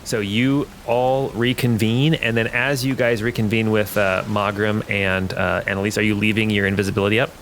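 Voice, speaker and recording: Male game master, low voice, rambling fill-in narration. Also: steady tone, normal speed, few pauses, fairly bright tone, slight background noise. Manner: loose, hesitant narration with fillers.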